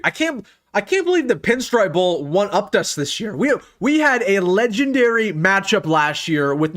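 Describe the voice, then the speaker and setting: A young American man hosts a casual live sports stream, going through his picks. His voice is a little high, his delivery excitable and emphatic, and he often repeats a line to drive his point home.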